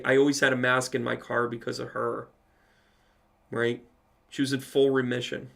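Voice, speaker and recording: A man's voice: medium pitch, vocal fry. A man, a psychic medium, telling a personal story in a casual live Q&A and swearing freely as he goes.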